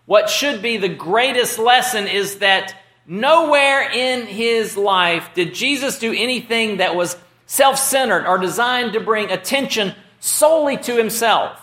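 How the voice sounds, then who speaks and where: High bright-voiced guy preaching real slow, lots of pauses, echoey room. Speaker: pastor. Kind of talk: sermon.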